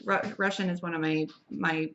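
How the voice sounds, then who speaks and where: A woman's voice: fairly low pitch, steady tone, normal speed, fairly bright tone, highs cut off. A young adult woman giving a casual, rambling movie review, chatty and full of fillers and restarts. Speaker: film reviewer.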